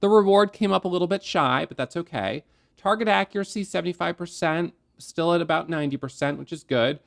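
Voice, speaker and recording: A man walks through his trading day from his desk in an easy, conversational way, leaning on analogies and acting out a frustrated trader's inner voice. His voice sits a little high for a man and carries a gravelly fry. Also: brisk. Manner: conversational, explains with analogies and acted self-talk. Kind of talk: trading recap to camera.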